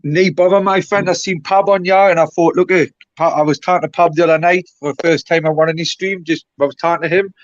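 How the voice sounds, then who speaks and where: A man's voice: on the high side, fairly even intonation, fast, hardly any pauses, dry recording. A Geordie man on a live stream, rambling and blunt, swearing often and mocking himself in casual banter. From North East England. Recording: dry, dull lo-fi stream audio.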